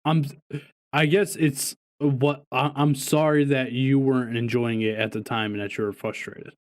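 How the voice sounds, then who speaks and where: A man's voice: mid-range voice, fairly even intonation, normal speed. A man co-hosting a podcast, telling stories in casual chat, swearing often and laughing. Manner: profane, laughing storyteller. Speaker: podcast co-host.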